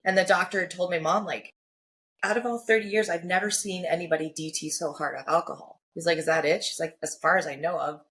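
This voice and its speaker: Woman, podcast guest, frank personal storytelling, lowish voice, animated quoting. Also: fast talker. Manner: frank, acts out quoted voices, frequent "like" and "you know".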